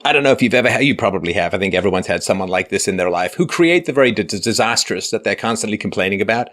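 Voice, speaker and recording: A man's voice: on the low side, expressive, very fast, a bit bright. A man hosting a conversation, arguing his points at length and building them with examples. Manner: argumentative, builds points with examples and acted quotes. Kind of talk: casual conversation.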